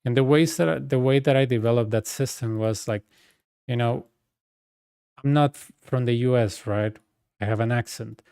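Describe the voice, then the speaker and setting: Mellow-voiced man. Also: mid-range voice, moderate pace, gravelly, clear, resonant tone, no echo, studio quality. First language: Spanish. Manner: rambling, full of fillers and asides. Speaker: game streamer. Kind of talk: casual storytelling chat.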